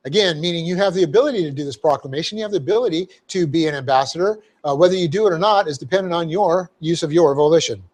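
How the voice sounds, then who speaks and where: Pastor, male, fairly high voice, explains Greek words step by step with lots of fillers. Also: quick pace, hardly any pauses, darkish tone. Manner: methodical, spells out Greek words letter by letter; frequent fillers and "okay?" check-ins. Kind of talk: verse-by-verse Bible teaching. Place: church sanctuary.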